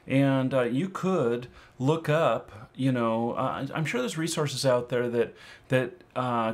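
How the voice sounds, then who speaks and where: A man giving casual advice to viewers, rambling and leaning heavily on filler words as he talks. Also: medium pitch. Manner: rambling, full of "you know" and "um" fillers. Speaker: online game-currency seller and fraud consultant. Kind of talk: casual advice talk to camera.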